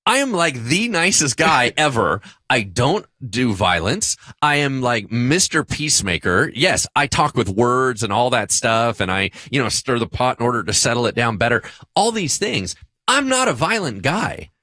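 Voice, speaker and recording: A man, a pastor co-hosting a podcast, telling a story about himself in a lively, self-deprecating way. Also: mid-range voice, moderate pace, no echo. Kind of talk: casual podcast discussion.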